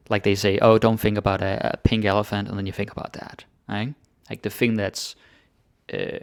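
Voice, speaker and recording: A man teaching grammar in a relaxed, chatty way, thinking aloud with fillers. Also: lowish voice, creaky, no room sound, clean studio sound. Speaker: Danish language teacher. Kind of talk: casual grammar lesson.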